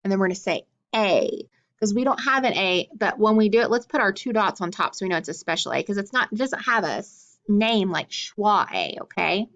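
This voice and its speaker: A woman teaching a phonics lesson to young children, sounding out words clearly and praising answers. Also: mid-range voice, brisk, a bit bright, lo-fi sound.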